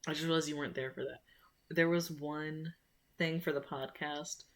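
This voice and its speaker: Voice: medium pitch, steady tone, moderate pace, a bit bright. A young American streamer in casual, rambling live-stream chat, poking fun at themselves and laughing often, with a sore mouth after dental surgery.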